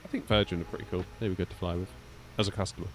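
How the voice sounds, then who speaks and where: A man's voice: low-pitched, fairly even intonation, very fast, music in the background. A man streaming a flight simulator, chatting casually with his viewers between radio calls and sounding a bit sleepy. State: sleepy, yawning. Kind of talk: casual live-stream chat.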